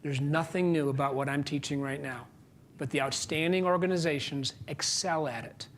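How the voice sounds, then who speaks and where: A keynote speaker and author is on stage before a large live audience, giving a motivational speech with a slightly high voice and a little background noise. He tells a story with lots of animation, playing both sides of a conversation and swinging from sudden hushes to loud bursts. He asks the crowd questions and pauses for punchlines.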